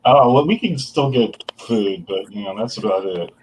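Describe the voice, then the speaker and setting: A man's voice: lowish voice, animated, moderate pace, over a noisy crowd, low-quality recording. A man hosting casual sports talk, blunt and profane, laughing often. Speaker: host.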